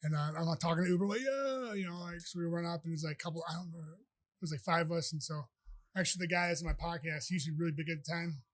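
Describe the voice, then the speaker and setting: A man in his thirties chats as a podcast guest, racing through rambling anecdotes crowded with fillers. His voice sits a bit high for a man and sounds dry and close, with no room around it. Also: little pitch movement, very fast, fairly bright tone, dry recording. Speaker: podcast guest, pro fighter. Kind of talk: casual storytelling chat.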